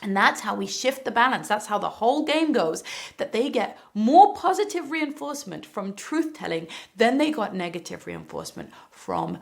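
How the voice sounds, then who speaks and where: A woman giving a calm, explanatory parenting lesson to camera, now and then acting out what a parent or child might say. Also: fairly high pitch, moderate pace, gravelly. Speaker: parenting educator. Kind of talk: instructional talk to camera.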